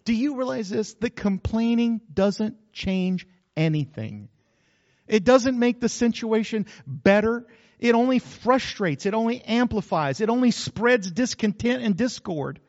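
A man's voice: high voice, lively intonation, measured pace, darkish tone, in a large hall, highs cut off. A male pastor preaching a sermon, folksy and joking, with frequent asides to the congregation.

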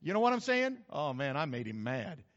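A man from New Mexico, a pastor preaching a sermon in a folksy, humorous, animated storytelling manner. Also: a little high, fairly quick. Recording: reverberant hall, slightly dull sound.

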